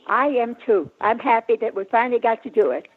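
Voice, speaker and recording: A woman in her nineties chats on a call-in show, sweet and gently teasing. Her voice is slightly high and breathy. It comes through a thin, phone-like line. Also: lively intonation, brisk. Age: 90s. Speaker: caller. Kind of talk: casual phone chat.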